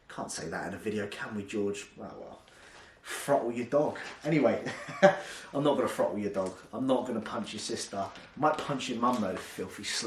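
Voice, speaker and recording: In a roomy-sounding clip, a man with a medium-pitched voice talks at a normal pace. He's a fitness vlogger and coach reviewing a product, chatting casually, joking around, and swearing freely.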